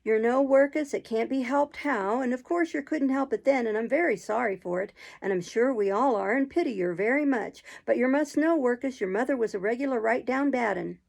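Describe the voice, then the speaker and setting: A woman's voice: mid-range voice, brisk, gravelly, few pauses, darkish tone, husky. A woman voicing Noah, a jeering, cowardly charity boy who taunts and sneers, reading a storybook. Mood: sneering. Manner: sneering, taunting, then blubbering.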